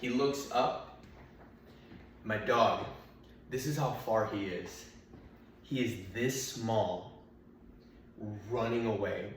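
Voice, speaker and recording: Here the young man speaks slowly in a lowish voice, pausing often as he spins a profane, meandering stand-up tale and impersonates his dad and dog. A distant mic catches heavy room echo and a faint hiss or hum.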